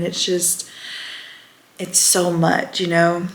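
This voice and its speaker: Gravelly and fairly bright, her fairly low voice stays level as she speaks a little slowly with long pauses. A lifestyle vlogger, she talks frankly and casually to the camera, at times almost whispering, in a room full of echo.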